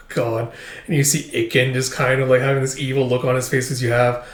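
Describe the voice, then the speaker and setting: A man's voice: medium pitch, flat delivery, a little fast. A man giving a loose, filler-heavy casual read-through of a comic chapter as its reviewer. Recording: roomy echo.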